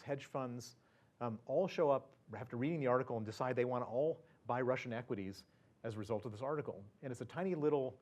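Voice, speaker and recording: A man's voice: medium pitch, a little mellow. A man speaking as a guest at an event, telling a personal story in a chatty way, full of fillers, restarts and chuckles. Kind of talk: anecdotal storytelling to an audience.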